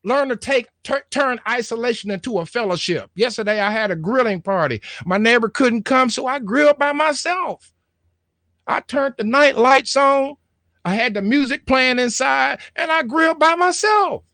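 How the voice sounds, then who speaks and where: A middle-aged man with a high voice preaches to his online flock in a call-and-response style. He repeats words, restarts his lines and urges listeners to talk back. The sound is dry, with no room around it. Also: normal speed, pushed and bright, no echo. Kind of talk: motivational sermon to camera.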